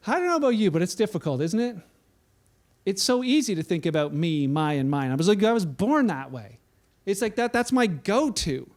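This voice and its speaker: A man, a pastor, preaching a conversational sermon in a church, telling anecdotes with frequent restarts. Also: high voice.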